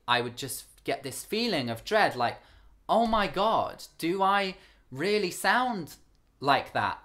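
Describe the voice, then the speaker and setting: A young man talks candidly to camera, his higher-pitched voice carrying a light camp rasp. He speaks earnestly, holding his voice a bit lower than his relaxed register. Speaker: vlogger. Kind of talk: talking to camera.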